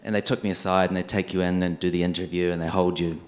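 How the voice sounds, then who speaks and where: A filmmaker on a festival panel, telling a long story and acting out the other people in it. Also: male voice, low-pitched, fast. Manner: animated, acts out the other people in his story.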